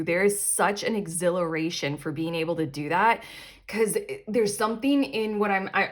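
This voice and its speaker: A young adult woman hosting a casual tarot reading, chatty and animated, often breaking into laughter. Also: fairly low pitch. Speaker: tarot reader and channel host.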